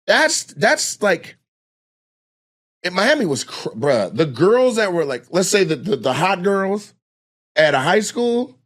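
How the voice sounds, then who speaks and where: A man from Washington State, a guest comedian, telling a story in casual, animated, profane chat and acting out other people's voices. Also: high voice, slow.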